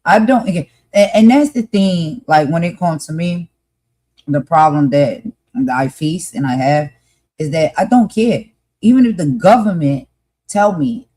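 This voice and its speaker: A woman's voice: lowish voice, lively intonation, a little slow, warm tone. A woman co-hosting a live podcast discussion, talking passionately and emphatically and repeating her points for force.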